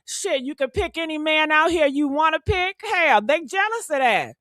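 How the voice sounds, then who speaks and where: Sassy woman with going off on her live, high bright voice, dry sound. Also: expressive, moderate pace, no room sound. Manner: fired-up, sassy, calls viewers honey and baby. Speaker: live stream host. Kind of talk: ranting live stream commentary.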